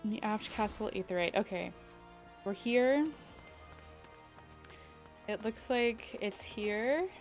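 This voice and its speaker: A woman's voice: mid-range voice, takes it slowly, pauses often, soft background music. A young woman chatting casually while streaming a game, thinking aloud and greeting viewers. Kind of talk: casual live-stream chat.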